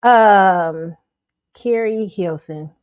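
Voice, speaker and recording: A woman's voice: medium pitch, extremely slow, clear, resonant tone, no room sound, dull audio. Sassy, blunt woman host. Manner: blunt, sassy, animated, laughs often. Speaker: show host. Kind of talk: pop culture commentary livestream.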